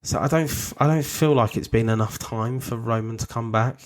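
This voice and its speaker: A man co-hosts a casual podcast chat in a mid-range voice at a brisk pace. He talks loosely and laughs often, frequently trailing off and restarting his sentences.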